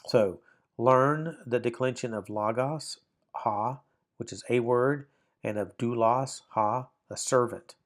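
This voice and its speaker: A man's voice: medium pitch, takes it slowly. A man teaching a Bible Greek lesson, explaining step by step with frequent ums and reading aloud from a textbook. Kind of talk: walking through a textbook lesson.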